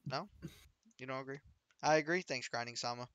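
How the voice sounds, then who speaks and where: A man's voice: medium pitch, a little fast, a bit bright, dull audio. A man streaming a game, chatting casually with his viewers and teasing his friends. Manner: joking, teasing banter with chat and friends.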